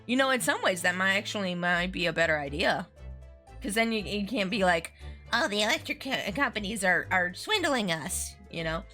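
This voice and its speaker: A woman's voice: mid-range voice, animated, normal speed, bright, forceful tone. A woman streaming a game, chatting casually and giggling between asides. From United States. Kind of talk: casual let's-play commentary. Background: faint game music.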